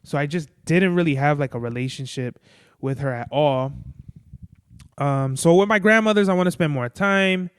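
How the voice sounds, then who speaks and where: A man from a Mexican-American family hosts a podcast, rambling through a casual solo monologue, swearing often and scattering "like" and "bro" throughout. His voice is a little high, clear and resonant, at normal speed, with studio-quality sound and no room sound.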